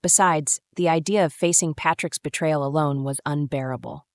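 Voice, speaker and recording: Low-voiced woman narrating a story. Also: moderate pace, dry recording, clean studio sound. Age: 30s. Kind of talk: first-person story narration.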